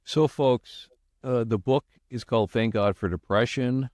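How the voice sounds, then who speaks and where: A man hosting a podcast interview, speaking haltingly with "uh" fillers as he steers the talk. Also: mid-range voice, a little mellow, no room sound, clean studio sound. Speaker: podcast host. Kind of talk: interview host.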